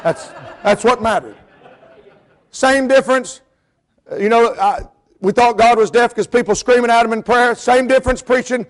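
A middle-aged preacher man from the North Carolina mountains delivers a sermon. His voice sits high for a man. He tells stories in a low, easy register, then climbs into full hollering. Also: moderate pace. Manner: storytelling, swings from quiet to hollering. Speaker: pastor and missionary.

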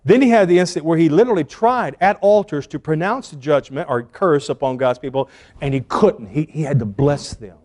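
A man preaching a sermon as a pastor, retelling a story in an animated way and acting out the quotes. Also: on the high side, fairly quick.

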